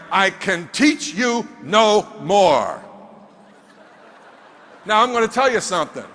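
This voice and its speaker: A man's voice: high voice, sharp tone. A man giving a motivational speech from a stage, emphatic and firing rhetorical questions at the audience. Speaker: motivational speaker. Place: stage in a large hall. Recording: reverberant hall.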